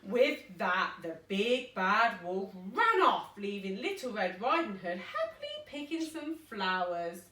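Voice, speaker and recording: A woman reading a bedtime story to her children in a playful, animated way, stopping to chat with them. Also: medium pitch, measured pace, few pauses. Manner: animated and playful, chatting with the kids. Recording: echoey room, mic far off.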